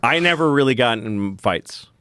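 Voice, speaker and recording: A man's voice: mid-range voice, lively intonation, normal speed, sharp tone, smooth, dry recording. A man, a guest comedian, telling a self-deprecating story in casual chat and acting out voices.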